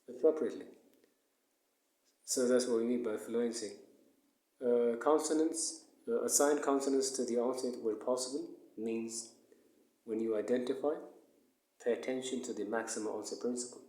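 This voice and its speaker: A male English teacher giving a recorded lesson, who explains slowly, repeats words and counts syllables aloud. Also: mid-range voice, a little mellow. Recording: echoey room.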